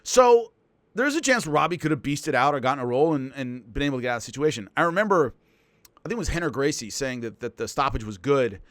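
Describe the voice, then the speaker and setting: A man working as a combat sports analyst, telling fight stories in an emphatic, animated commentary style with frequent restarts. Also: medium pitch, fast talker, no echo.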